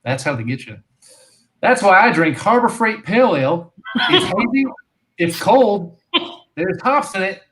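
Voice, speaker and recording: Man doing a loud Southern drawl, scornful rural guy, high and folksy. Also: very animated, a little slow, pauses often, heavily acted, rough recording. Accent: put-on Southern US drawl. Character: brash rural Southern man mocking name brands.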